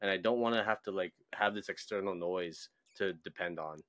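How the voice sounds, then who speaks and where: A young man co-hosting a podcast in a casual chat, animated and laughing often. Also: low-pitched, a little fast. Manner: animated, laughs often, acts out voices in stories. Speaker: podcast co-host.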